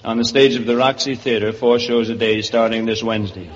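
A man playing a guest on a scripted radio comedy, quick and joking. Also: on the low side, steady tone. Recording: dull old radio broadcast with hiss and theater reverb.

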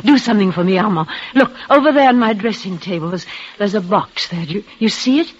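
An actress playing a frail, devoted young woman near death, speaking in a halting, breathless, emotional way in a 1940s radio play. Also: mid-range voice, lively intonation, husky. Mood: tender. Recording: muffled old radio broadcast.

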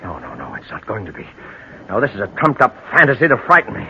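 An actor playing a guilt-ridden, fevered husband and murderer, jittery and melodramatic in 1940s radio style. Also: male voice, mid-range voice, animated, rapid-fire, pushed and bright. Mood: frantic, defiant. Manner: jittery, melodramatic, swinging between fear and rage. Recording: dull lo-fi old radio recording with hiss.

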